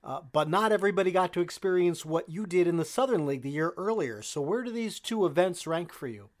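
A man hosting a podcast interview, asking relaxed, curious questions. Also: high voice, fast talker.

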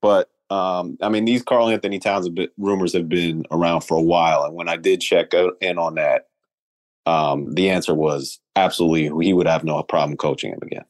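A man analysing basketball trades in a casual talk show, measured and weighing each side. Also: low voice, fairly even intonation, dry recording. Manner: measured, weighing options, with restarts.

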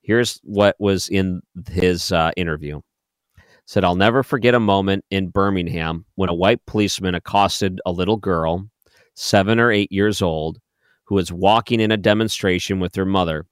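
A man's voice: low voice, moderate pace, smooth, no room sound, studio quality. A man hosting a political commentary show, sarcastic and mocking as he plays clips. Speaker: commentary host.

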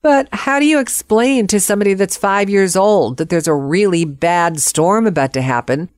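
A woman telling a personal story in a vivid, expressive way, acting out the quotes. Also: mid-range voice, moderate pace, no room sound, studio quality.

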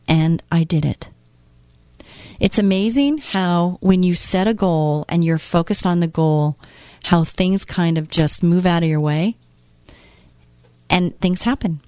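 A woman in her late fifties hosts a faith-based talk show, speaking earnestly and encouragingly while acting out the voices of doubters. Her voice is lowish and a little slow, with long pauses and a darkish, clean tone, and there's no room sound.

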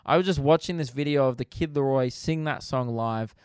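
A young Australian man hosts his own solo podcast, casually telling stories, swearing a lot and acting out the people in them with funny voices. His voice is medium-pitched, a little fast, clear and resonant. The studio-quality recording has no echo.

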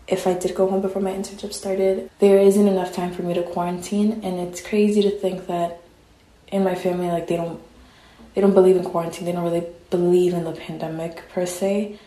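In a roomy, echoing space, a young woman in college talks conversationally into her audio diary until it turns openly emotional. She has a mid-range voice with a dark tone.

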